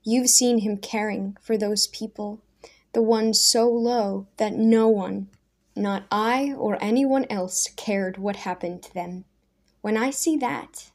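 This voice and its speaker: A humble, calm man of faith, as a woman puts him on while reading a storybook. He speaks slowly and steadily, his quiet conviction never rising to a shout. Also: medium pitch.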